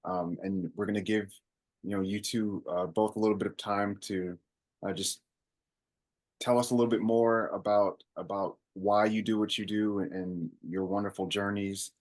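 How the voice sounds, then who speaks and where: Lower-voiced man moderating a panel. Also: steady tone, moderate pace. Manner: warm affirmations, many fillers. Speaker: host.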